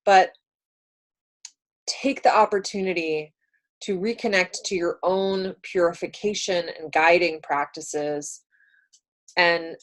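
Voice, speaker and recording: A woman co-hosts a relaxed spiritual chat show. Her delivery is gentle and earnest, and she sounds like she is offering sincere, encouraging advice. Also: lowish voice, low-quality recording. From San Francisco area. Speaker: co-host, card reader.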